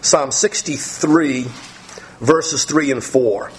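A man preaching a sermon on the Psalms, talking straight to his listeners and reading scripture slowly with emphasis. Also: medium pitch, slight background noise. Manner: talks directly to listeners, thinks aloud. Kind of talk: sermon teaching through the Psalms.

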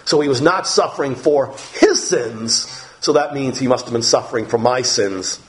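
A man's voice: medium pitch, expressive, moderate pace. A man preaching a Bible lesson, reading scripture aloud and explaining it as he goes. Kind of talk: Bible teaching.

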